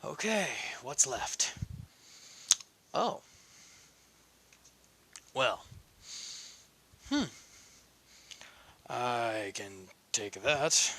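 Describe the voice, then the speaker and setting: A grumbling young ninja adventurer, as a man reads him aloud, talks to himself in an unhurried, muttering way. His voice is bright and forward, and he sounds hungry and a bit cranky as he mulls things over. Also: mid-range voice, sing-song, exaggerated voice. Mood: musing. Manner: muttering to himself while shopping.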